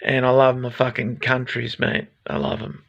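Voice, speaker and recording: A man's voice: medium pitch, flat delivery, normal speed, vocal fry, fairly bright tone, lo-fi sound. A man with an Australian accent rambling frankly and swearing freely in a self-recorded vlog. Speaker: vlogger.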